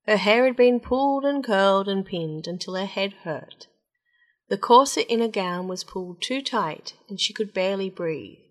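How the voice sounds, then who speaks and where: A woman storyteller reading fairy tales aloud in a gentle, even narration. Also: mid-range voice, normal speed.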